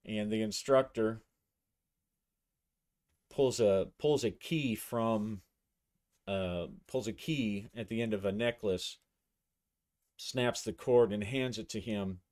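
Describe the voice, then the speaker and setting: A man's voice: fairly low pitch, slow pace, long pauses, darkish tone. A man narrating a solo tabletop game, thinking aloud as he describes the action and his dice rolls.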